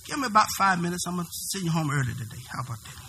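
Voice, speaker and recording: A man preaching a sermon. He asks the congregation questions and bursts into shouts. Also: sits high, sing-song, rapid-fire, vocal fry, slight background noise. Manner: preaching with sudden shouted peaks and call-and-response questions.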